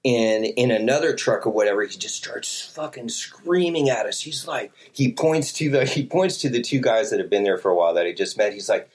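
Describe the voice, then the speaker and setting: A man's voice: medium pitch, brisk, few pauses. A man telling a long story in casual talk, swearing often and acting out what people said. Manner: animated, profane, acts out quotes with voices. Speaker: podcast guest telling a story.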